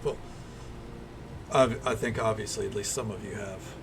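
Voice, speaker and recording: A man's voice: lowish voice, fairly even intonation, normal speed, background noise. A man, chatting casually and rambling while he streams a game. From American South. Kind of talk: casual livestream commentary.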